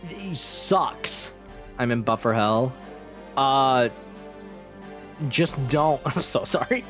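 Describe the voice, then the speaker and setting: A man streaming a video game, chatting casually and joking loudly. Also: mid-range voice, takes it slowly, soft background music. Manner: loud, joking, excitable.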